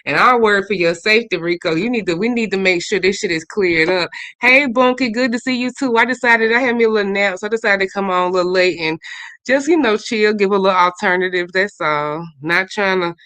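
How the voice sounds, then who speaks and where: A woman hosting a casual livestream, chatting and gossiping as she reads out viewers' comments, swinging between loud bursts and low mutters. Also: brisk, no room sound. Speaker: livestream host.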